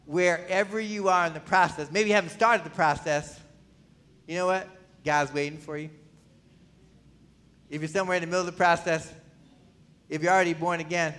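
Male pastor, high bright voice, preaching in church, pleading and asking the congregation questions. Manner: pleading, rising to near-shouts, then dropping low. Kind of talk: sermon.

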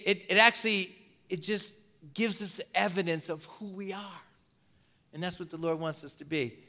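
High, bright-voiced man preaching. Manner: passionate, varies loudness a lot, rhetorical questions. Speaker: pastor. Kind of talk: sermon.

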